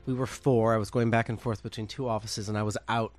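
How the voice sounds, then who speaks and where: A man's voice: fast talker, music in the background. A man who founded a fashion brand, telling an anecdote with laughter and acted-out dialogue. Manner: lively, laughing, acts out dialogue with big pitch swings. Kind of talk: animated storytelling in conversation.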